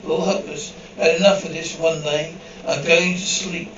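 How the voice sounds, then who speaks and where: A man's voice: on the high side, fairly even intonation, a little fast, hardly any pauses, reverberant, distant mic, lo-fi sound, noisy background. A man reading an episode script aloud, voicing the dialogue and the sound cues in the same evenly paced voice. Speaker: script reader.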